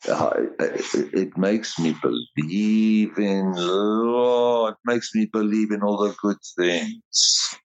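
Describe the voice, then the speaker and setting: A man's voice: lowish voice, slow, hardly any pauses, lo-fi sound. A man, co-hosting a podcast in casual chat, rambling and heartfelt, with frequent laughs and restarts. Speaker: podcast co-host.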